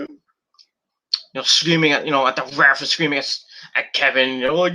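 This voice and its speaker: A man's voice: medium pitch, fast, pauses often, bright, forceful tone. A man giving a casual, rambling play-by-play recap of wrestling matches, blunt and profane as he goes. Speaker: wrestling reviewer.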